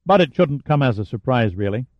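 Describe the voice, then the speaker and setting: A man voicing a tough male military hero who talks in a dry, sardonic, steady way, on a dry, slightly dull recording. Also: mid-range voice, brisk, no echo, close to an everyday voice. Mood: defiant.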